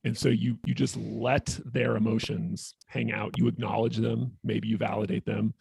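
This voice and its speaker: Therapist guy on a podcast, super gravelly husky voice, dry close mic. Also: lowish voice, level tone, normal speed, darkish tone, no echo. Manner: thoughtful, explaining with many "like"s. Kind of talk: casual conversation.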